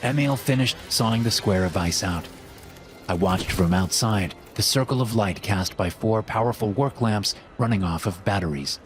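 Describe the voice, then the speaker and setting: Low-voiced man narrating a horror story. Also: a little hiss or hum. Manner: steady, measured storytelling. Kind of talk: first-person scripted horror narration. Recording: voice-over with loud music behind.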